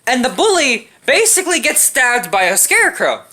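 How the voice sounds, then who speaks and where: Young woman ranting about a movie, cussing a lot, super bright lively voice. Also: high voice, normal speed. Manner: profane, sarcastic, animated. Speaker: movie reviewer. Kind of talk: casual comedic movie rant.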